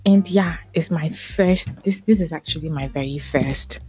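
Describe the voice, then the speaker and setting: A woman's voice: low-pitched, moderate pace, a little mellow, slightly rough, faint music behind, low-quality recording. A woman hosting her own podcast in casual chat, a little out of breath, chatty and apologetic, often repeating herself. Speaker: podcast host.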